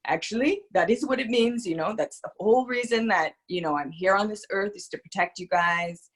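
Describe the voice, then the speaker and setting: A woman's voice: medium pitch, fairly quick, lightly acted. A woman doing her earnest older father. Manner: earnest, protective. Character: her worried older father, gentle and sad.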